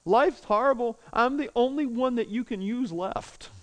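A man's voice: very high-pitched, moderate pace, in a large hall, voice pushed up. A man voicing a whiny, self-pitying male prophet who complains and pleads.

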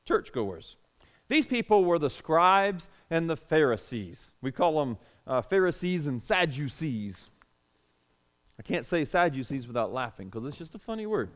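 A pastor preaching an animated sermon, full of rhetorical questions, moving between loud and soft. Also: male voice, fairly high pitch, normal speed.

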